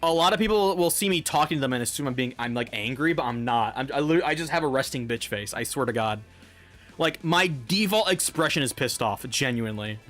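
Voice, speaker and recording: A man's voice: mid-range voice, animated, a little fast, fairly bright tone, faint music behind. A young man streaming a game, chatting casually in a rambling, profane way and laughing often. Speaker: live streamer.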